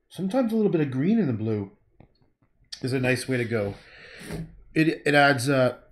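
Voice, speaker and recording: A man's voice: medium pitch, fairly bright tone. A man painting on a livestream, thinking aloud in a rambling way, humming and murmuring to himself between sentences.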